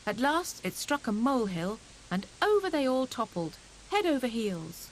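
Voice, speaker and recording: A woman narrating a children's storybook audiobook in a gentle, expressive reading. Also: fairly high pitch, normal speed, a little hiss or hum, low-quality recording.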